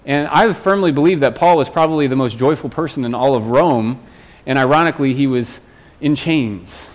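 A man's voice: mid-range voice, moderate pace. A man, a pastor, preaching a sermon in an earnest way, often restarting and repeating phrases.

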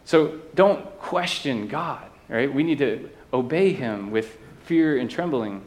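A pastor preaches slowly to his church in a medium-pitched, darkish voice with lively intonation. He keeps it conversational, adding asides and tag questions to check in with listeners.

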